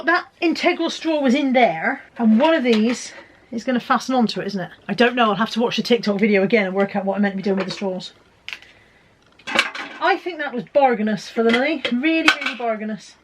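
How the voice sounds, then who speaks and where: Over some background noise, a middle-aged woman with a higher-pitched voice unboxes parcels for her vlog. She keeps up a casual, self-deprecating chatter while fiddling with the packages.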